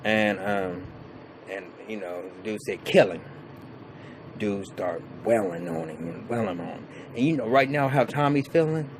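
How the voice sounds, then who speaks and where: A man's voice: fairly low pitch, normal speed, noisy background. Profane, rambling man recapping a show. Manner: profane, rambling, many restarts and fillers. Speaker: TV show reviewer. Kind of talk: casual episode recap.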